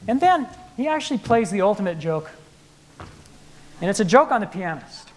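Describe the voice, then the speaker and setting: Playful, high-voiced man explaining music. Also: normal speed, background noise. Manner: animated, playful explainer acting out the composer's attitude. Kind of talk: lecture-demonstration to a live audience. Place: concert hall with live audience.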